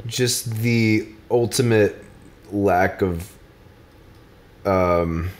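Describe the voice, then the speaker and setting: A man's voice: fairly low pitch, extremely slow. A man hosting a podcast, joking and teasing his guest in casual chat, swearing now and then. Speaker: podcast host.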